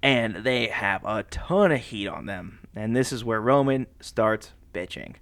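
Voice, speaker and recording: A man co-hosting a podcast, recapping a movie plot in a casual, animated way, laughing often and slipping into voices for the characters. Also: on the low side, a little slow, no room sound. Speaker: podcast co-host.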